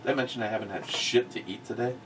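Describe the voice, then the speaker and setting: A middle-aged man hosting a casual talk show, blunt and profane, swinging from muttered asides to loud outbursts. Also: medium pitch, fast, distant mic, slight background noise. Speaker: host of a review show.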